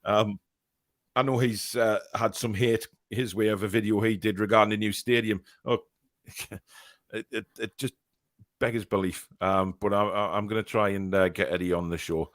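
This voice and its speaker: A man's voice: on the low side, fairly even intonation, normal speed, dry recording, clean studio sound. A man hosting a fan podcast in casual chat, reading viewer messages aloud. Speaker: podcast host. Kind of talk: casual live-stream chat.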